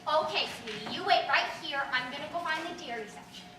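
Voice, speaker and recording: A woman's voice: high-pitched, lively intonation, fast talker, background noise. A girl playing a fussy young mother. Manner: fussy, worried. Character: fussy young mother shopping with her baby. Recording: echoey hall from far off.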